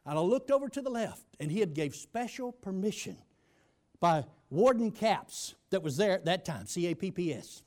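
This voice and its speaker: A man, a pastor giving a folksy testimony sermon that keeps breaking into shouted bursts. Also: sits high, sing-song, normal speed.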